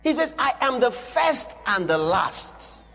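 Preacher man, lively, hall reverb. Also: very high voice, slow, creaky. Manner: dramatic, swings between hushed and shouted; reads scripture aloud to a congregation. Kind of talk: sermon.

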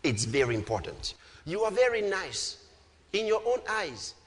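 Fervent high-voiced preacher in a hall. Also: male voice, sing-song, a little slow. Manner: fervent, often shouting, drawing out words. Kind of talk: sermon. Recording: hall reverb.

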